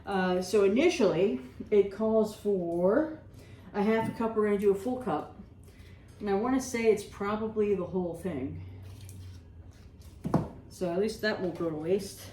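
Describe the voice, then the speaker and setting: A woman's voice: medium pitch, measured pace, pauses often, mellow, far from the mic, slight background noise. Chatty woman cooking in an echoey kitchen. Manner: chatty, rambling anecdotes with reenacted dialogue. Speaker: cooking show host. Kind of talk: casual cooking vlog storytelling. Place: home kitchen. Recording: roomy kitchen audio from off-mic.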